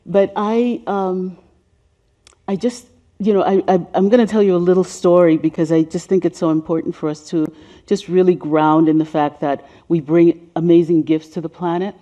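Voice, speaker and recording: A woman of about seventy with a deep voice gives a seminar presentation on racial healing. She speaks softly and sinks to a whisper on emotional points. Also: fairly even intonation, normal speed. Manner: soft-spoken, sinking to a whisper on emotional points.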